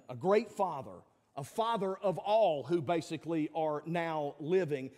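A man's voice: fairly high pitch, a little mellow, big-room sound. A male pastor, preaching a sermon in a conversational, folksy way with fillers and emphatic peaks.

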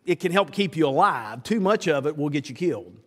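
Folksy preacher, lively high voice. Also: male voice, fairly quick. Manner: folksy, acts out dialogue with God in lively voices. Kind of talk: sermon. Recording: reverberant hall.

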